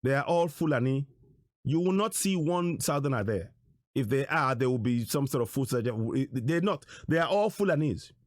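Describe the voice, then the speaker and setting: A man delivers political commentary, pressing the same rhetorical questions over and over. His voice is pitched mid-range but swings up and down animatedly. The sound is dry, with almost no room echo. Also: lively intonation, normal speed. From Nigeria. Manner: emphatic, repeats rhetorical questions and phrases. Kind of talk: online commentary on shared on-screen material.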